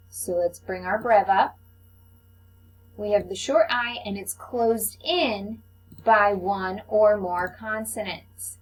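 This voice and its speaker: A woman teacher giving a slow, patient phonics lesson to young children, speaking into a computer microphone. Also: mid-range voice, rough recording. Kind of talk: recorded online phonics lesson.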